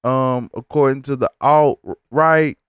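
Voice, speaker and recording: A man's voice: medium pitch, steady tone, slow, smooth, no room sound, studio quality. A man telling a story as a casual rant, profane, exasperated and rambling.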